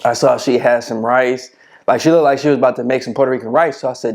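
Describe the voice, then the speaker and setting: A man's voice: medium pitch, fairly even intonation, quick pace. A man giving casual dating advice to camera, swaggering and full of slang, often asking "you know what I'm saying".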